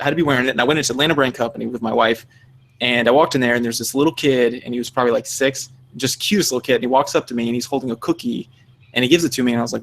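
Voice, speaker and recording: A young man chatting on a podcast, blunt and profane, acting out other people in quick asides. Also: medium pitch, fairly bright tone. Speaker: podcast co-host. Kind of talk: casual chat.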